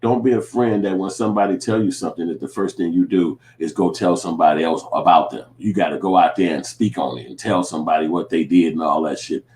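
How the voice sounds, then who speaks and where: Low-voiced man ranting loosely to viewers. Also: fast talker, hardly any pauses, darkish tone. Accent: Chicago. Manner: profane, street slang, restless rambling. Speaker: vlogger. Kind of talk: casual commentary to viewers.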